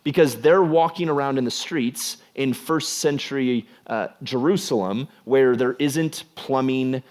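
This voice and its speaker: Young man, youth pastor, casual sermon, chatty, lots of fillers, mid-pitched voice. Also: unhurried, a little mellow. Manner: conversational, filler-heavy with frequent "like".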